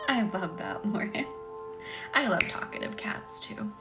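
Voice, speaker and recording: Woman, Reiki healer, live guided session, calm affirmations, soft whispers, music behind. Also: medium pitch, measured pace, vocal fry. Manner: calm guiding affirmations, chats with viewers. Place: at home. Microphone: phone on a live stream.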